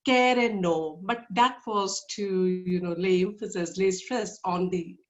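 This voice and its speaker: A woman giving a short, plain report at a club meeting, speaking softly. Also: medium pitch, measured pace, highs cut off. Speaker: meeting role player.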